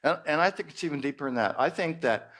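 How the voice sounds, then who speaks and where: A male minister preaching at a church service in an expressive way with playful exclamations. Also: on the high side, quick pace. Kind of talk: sermon.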